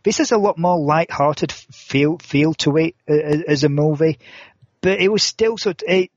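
A man's voice: on the high side, normal speed, no room sound. A man in his forties co-hosting a podcast in casual chat, rambling through restarts and fillers with a dry, sarcastic humor. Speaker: podcast co-host. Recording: dull lo-fi sound.

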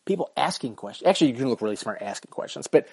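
A man's voice: mid-range voice, expressive, racing, gravelly, darkish tone, slightly rough, no room sound. A man hosting his own podcast, rambling through a profane, self-mocking solo rant. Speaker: podcast host.

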